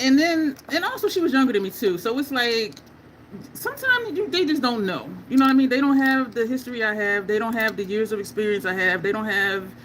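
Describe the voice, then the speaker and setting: Applying makeup during a casual live chat, a middle-aged beauty host talks with viewers and tells stories with asides. She has a medium-pitched, fairly bright voice, and the audio is poor with slight background noise.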